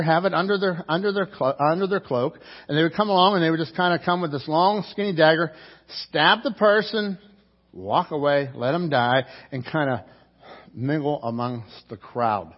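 Husky guy preaching, storytelling, acting out the characters, slightly raised voice, dull lo-fi recording. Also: fairly high pitch, moderate pace. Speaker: pastor. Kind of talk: sermon.

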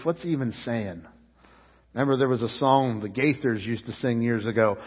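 A man pastor preaches with fervor, his voice swelling loud and then dropping low, often stumbling over repeated words. His slightly husky voice rings with a long reverb through a church sanctuary. The sound is a little dull and muffled. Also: expressive, brisk. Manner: fervent preaching, rising and falling loudness, repeats words. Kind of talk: sermon.

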